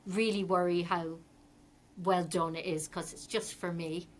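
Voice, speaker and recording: A woman's voice: lowish voice, fairly even intonation, measured pace, a crowd in the background. A middle-aged Irish woman, a fashion designer, chatting as a podcast guest and telling rambling stories with many ums. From Ireland. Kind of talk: casual interview chat.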